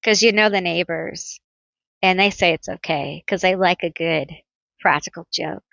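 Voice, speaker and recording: A woman's voice: on the low side, normal speed, gravelly, fairly bright tone, dry recording, dull audio. A woman giving a pick-a-card tarot reading, chatty and playful, telling stories with teasing nicknames.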